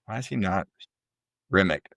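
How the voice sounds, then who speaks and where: Deep-voiced and at a normal speed, with some vocal fry, a man co-hosts a podcast and talks through a movie in a casual review chat. He's relaxed, laughs a lot and swears freely. The studio-quality audio has no room sound.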